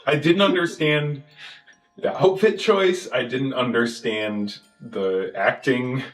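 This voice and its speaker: A man casually recapping a movie with a co-host, animated and acting out scenes in funny voices. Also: mid-range voice, slow, echoey room, faint music behind, poor audio. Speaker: podcast host.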